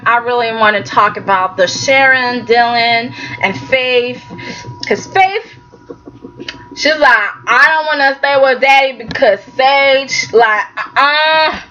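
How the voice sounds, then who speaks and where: Woman, sassy casual vlog, slow unhurried talk, slightly muffled lo-fi sound. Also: on the high side, a bit bright, a little hiss or hum. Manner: sassy, chatty, talks straight to the characters. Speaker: soap opera reviewer. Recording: slightly dull lo-fi recording.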